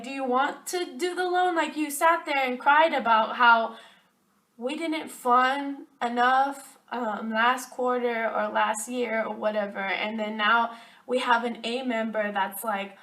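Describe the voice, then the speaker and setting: A woman's voice: on the high side, unhurried, fairly bright tone. A young woman chatting to camera, ranting about her job with lots of fillers, recorded a little far from the mic. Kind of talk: casual chat to camera.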